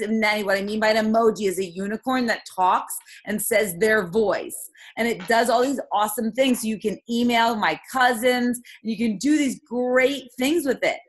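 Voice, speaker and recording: A woman leading a motivational team call, talking in an emphatic, heated way with quick rhetorical questions. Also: on the high side. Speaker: team leader coaching her sales team.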